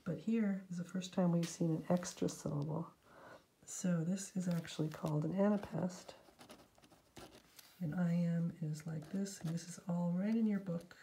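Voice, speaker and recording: A middle-aged woman teaching poetic meter in a relaxed, casual lesson, talking through her markings and now and then dropping to a whisper. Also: lowish voice, a little slow, vocal fry, slight background noise, low-quality recording. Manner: relaxed, talks aloud while marking a poem, sometimes drops to a whisper. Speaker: poetry teacher.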